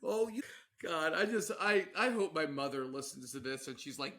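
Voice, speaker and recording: A young man rambles through a casual podcast chat, animated and quick to laugh, with a bright tone. His voice sits a little high for a man, and he stumbles over restarts as he goes. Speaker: podcast co-host.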